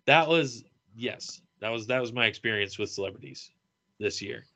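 A man, a podcast co-host and middle school teacher, casually telling a lively convention story and acting out the quotes. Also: mid-range voice, moderate pace. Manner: animated, acts out quotes with laughter.

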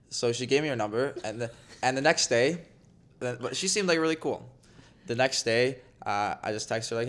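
A man's voice: mid-range voice, brisk, fairly bright tone, smooth. A young man, a podcast guest, telling a dating story in casual chat with lots of filler words. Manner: rambling storyteller, many fillers.

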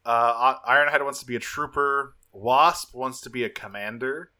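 A man with a bright, forward voice talks through a cartoon episode with a co-host. He rambles casually, doubling back on his words and filling gaps with ums. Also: mid-range voice, normal speed. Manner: rambling, frequent fillers and restarts, laughs often. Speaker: podcast co-host. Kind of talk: casual chat recapping a cartoon.

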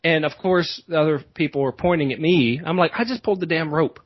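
A man's voice: a little high, fast talker, no room sound, muffled recording. Rambling man telling a story. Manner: rambling, many restarts and asides. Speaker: podcast host. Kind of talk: casual storytelling.

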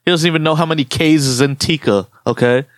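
A man's voice: on the high side, fast talker, no room sound. Joking, slangy male podcast host. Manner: animated, joking rants with slang. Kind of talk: casual chat.

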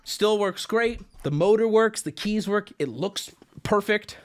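Speaking at a measured pace in a high voice, a streamer rambles through a long story for his chat. He swears a lot, laughs at himself, and makes fun of how much he overreacted.

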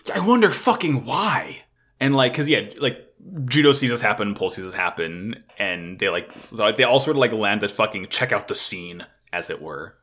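A man recapping a show with a casual podcast co-host, his pitch leaping around animatedly. His tone is bright and sharp. He swears freely and leans on "like" as he talks. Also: normal speed. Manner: animated, swears often, heavy use of "like". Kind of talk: casual anime recap chat.

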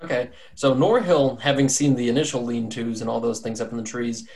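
A male game master describes scenes in a loose, rambling way, full of jokes and asides. His voice sits at an ordinary middle pitch. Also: steady tone, fairly quick, a little mellow. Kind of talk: narrating a tabletop game.

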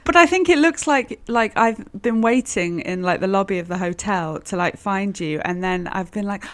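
A woman's voice: medium pitch, animated, moderate pace, few pauses. A woman co-hosting a podcast, chatting casually, self-mocking and laughing often. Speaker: podcast co-host. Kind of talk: casual chat.

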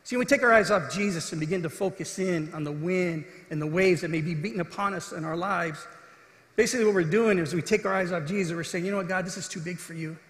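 In an echoey hall, a pastor delivers a sermon in a fast, high-pitched man's voice. Earnest throughout, he performs the quoted voices from the scripture story, building in intensity.

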